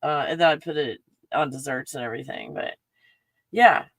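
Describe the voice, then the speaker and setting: A woman with a Texan accent, hosting a casual livestream and chatting in an excitable, rambling way full of fillers. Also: deep voice, moderate pace, no room sound. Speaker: livestream host. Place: home in the mountains.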